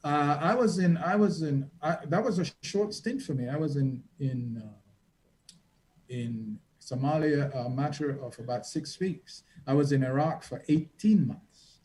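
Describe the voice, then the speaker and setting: Unhurried and a little mellow, a man with a high-leaning voice shares dramatic travel stories as a reporter and guest, acting out quotes in a conversational style. The low-quality recording has slight background noise.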